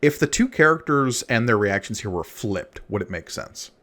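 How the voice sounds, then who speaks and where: A man's voice: medium pitch, expressive, moderate pace, a bit bright. A man co-hosting a casual podcast, talking through a comic in a thoughtful, hedging way. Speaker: podcast co-host.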